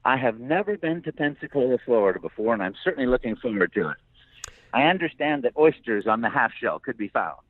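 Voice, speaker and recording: A man's voice: medium pitch, very animated, fast talker, no room sound. An older man, a voice actor guest, chatting enthusiastically and laughing often in an interview, heard over a tinny phone line. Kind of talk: casual interview chat.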